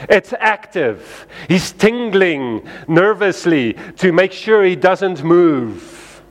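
A man's voice: high voice, lively intonation, extremely slow, big-room sound. A male pastor preaching a sermon in a conversational way, often acting out what people say in lifted voices.

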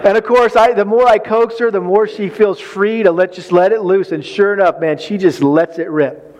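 Man, high voice, sermon, animated storyteller, acts out his reactions. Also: moderate pace. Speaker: pastor.

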